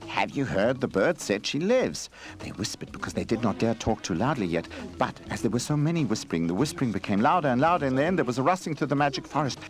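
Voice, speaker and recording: A man giving scripted storybook narration in a gentle, expressive reading voice. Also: medium pitch, rapid-fire, few pauses. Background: faint music.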